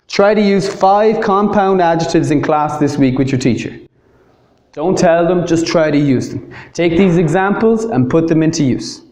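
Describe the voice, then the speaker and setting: A man with an Irish accent giving an English grammar lesson, slowing down to say each example phrase clearly. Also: on the high side, darkish tone, roomy sound. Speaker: English teacher.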